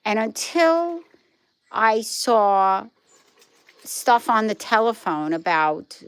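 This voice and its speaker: A middle-aged woman from Brooklyn, New York, hosts a live stream, answering viewer comments in a casual, chatty way. Her fairly high, smooth voice swings widely in pitch and moves very slowly as she rambles through stories, trailing off and restarting, recorded dry.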